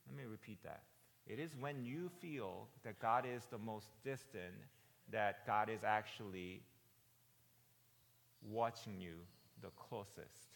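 A pastor in his forties preaching a sermon in a conversational way, often asking "right?" and rising to loud, emphatic peaks. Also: fairly low pitch, takes it slowly, gravelly, long reverb tail. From United States. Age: 40s.

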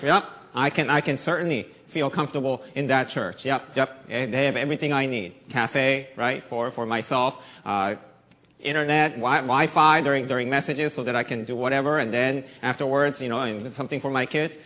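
Middle-aged male pastor with a slight Southern lilt, conversational sermon delivery, swings between soft earnest and loud lively. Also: mid-range voice, moderate pace. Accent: slight Southern American accent. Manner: conversational preaching with wide swings in loudness, from hushed to animated.

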